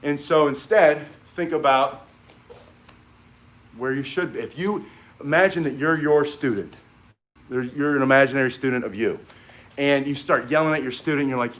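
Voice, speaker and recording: A man's voice: on the high side, fairly quick, a bit bright. A middle-aged man teaching a martial arts class in a casual, encouraging way, rambling with fillers and restarts.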